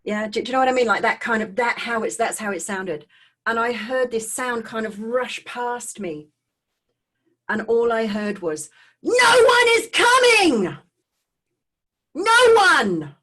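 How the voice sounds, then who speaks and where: A woman giving an emotional personal testimony over a video call, halting and earnest, often repeating and restarting her words. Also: fairly high pitch, a bit bright. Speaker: speaker sharing her personal story.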